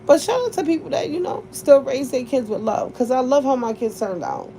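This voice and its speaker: A woman's voice: high-pitched, animated, fairly quick, mellow, a little hiss or hum. Blunt, profane woman in her forties. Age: 40s. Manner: blunt, profane, laughs often. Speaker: vlogger. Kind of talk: casual storytelling to viewers.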